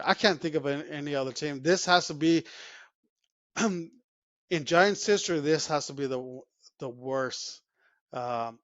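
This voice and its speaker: A man's voice: mid-range voice, fairly bright tone, no echo. Man, casual sports podcast chat, rambling, filler-heavy, dull dry sound. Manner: rambling, lots of fillers and restarts, chuckles. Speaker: podcast co-host.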